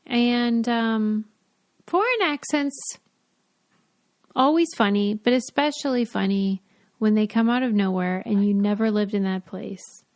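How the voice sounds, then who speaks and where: A woman's voice: medium pitch, measured pace, a little mellow, no room sound, studio quality. A woman co-hosting a podcast in casual chat, wry and steering the talk along. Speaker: podcast co-host.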